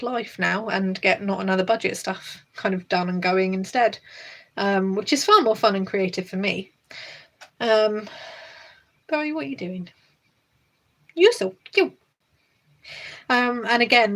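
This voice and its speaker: Young woman chatting away on her budget vlog, rambly, loads of fillers, middle pitch. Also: a bit bright. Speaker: budgeting channel host. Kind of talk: casual chat to camera.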